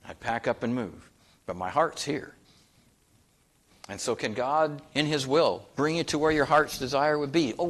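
A man's voice: a little high, a bit bright. Folksy middle-aged man preaching a sermon. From North Dakota. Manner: conversational, folksy, rising to emphatic questions. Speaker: pastor.

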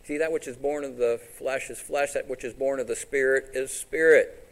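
A man's voice: mid-range voice, fairly even intonation, normal speed, rough recording. A man preaching a sermon in a conversational way, asking the congregation questions and paraphrasing scripture. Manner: paraphrases scripture in quoted voices. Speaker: pastor.

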